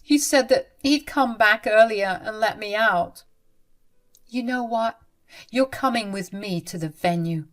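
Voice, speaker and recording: A woman's voice: medium pitch, unhurried, close to an everyday voice. A woman voicing a caring young bride who speaks in an urgent, emphatic way. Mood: concerned, indignant.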